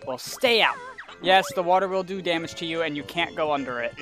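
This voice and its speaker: A man's voice: on the high side, brisk, over music. A young man giving rambling gameplay commentary, easily exasperated and ranting at the game. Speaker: let's play commentator.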